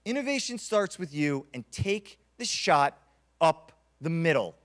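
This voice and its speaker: A man's voice: fairly high pitch, sing-song, measured pace. A man in his thirties giving a motivational keynote, telling stories dramatically and repeating key lines for emphasis. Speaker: keynote speaker.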